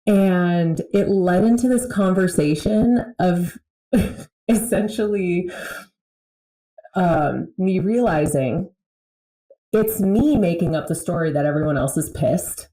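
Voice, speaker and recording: A woman's voice: on the low side, slow pace, pauses often, dark tone, echoey room, low-quality recording. A woman in a casual podcast conversation, telling a candid story about her family and laughing often. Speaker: podcast conversation partner, mother.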